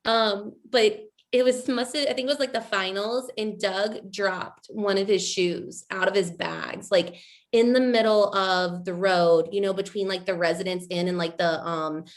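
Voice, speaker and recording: Woman, coach's wife, casual rambling storyteller, mid pitch. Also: steady tone, moderate pace. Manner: rambling, many fillers and "you know".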